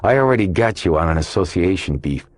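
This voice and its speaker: A man's voice: sits low, lively intonation, quick pace, no echo, pitched above the performer's own voice. A male audiobook narrator voicing a bullying male police detective who taunts and mocks in a sneering way. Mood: taunting. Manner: sneering and mocking.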